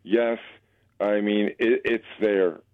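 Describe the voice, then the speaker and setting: Low-voiced male caller on a tinny phone line. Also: steady tone, slow pace, no echo. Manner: easygoing, hesitant, with many fillers. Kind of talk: phone-in call.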